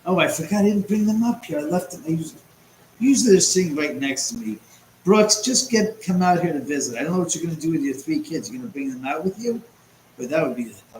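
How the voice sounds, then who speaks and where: A man hosting a live stream from his home, chatting and rambling as he answers viewers' comments out loud. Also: fairly high pitch. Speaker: host. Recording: roomy echo, faint background noise.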